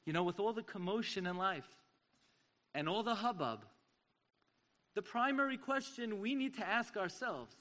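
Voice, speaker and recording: A man giving an impassioned sermon-style story at a community event, swinging from hushed to loud. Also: high voice, lively intonation, normal speed, pauses often.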